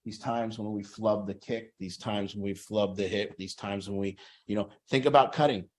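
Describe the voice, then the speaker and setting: A man's voice: lowish voice, fairly even intonation, moderate pace. A man talking earnestly to a recovery group, acting out people's inner voices as he explains. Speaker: group facilitator. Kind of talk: motivational group talk.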